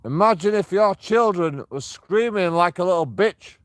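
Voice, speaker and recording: An angry, profane man ranting and taunting people, recorded outdoors on a dark path at night. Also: high voice, animated, normal speed, dry recording. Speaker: street auditor filming himself. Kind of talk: confrontational vlog rant.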